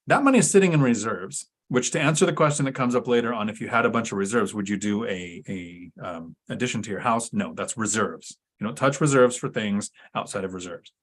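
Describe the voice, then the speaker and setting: A man's voice: fairly low pitch, animated, a little fast, few pauses. A man co-hosting a talk show, explaining things in a casual, teacherly way with sarcastic asides. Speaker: podcast co-host.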